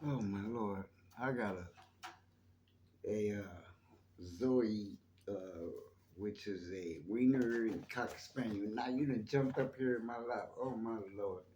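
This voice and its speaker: In a fairly low, warm voice, a man talks slowly to his channel's viewers, with reverb and slight background noise around him. It's a rambling, chatty monologue about his faith.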